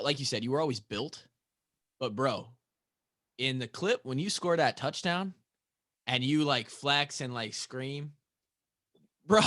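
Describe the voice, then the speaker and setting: A man's voice: mid-range voice, a bit bright, no room sound. A man with a mid-range voice hosts a podcast, asking long, chatty questions with hyped-up energy. The recording is dry and close, with no room sound. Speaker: podcast host. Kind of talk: casual podcast interview.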